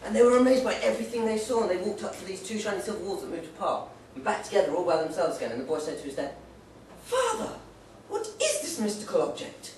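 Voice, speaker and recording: A man's voice: high voice, very fast, hardly any pauses, darkish tone, slight background noise. A young man performing a rambling stand-up set in a pub, joking and slipping into playful put-on voices. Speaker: stand-up comedian. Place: pub stage. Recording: echoey pub from far off.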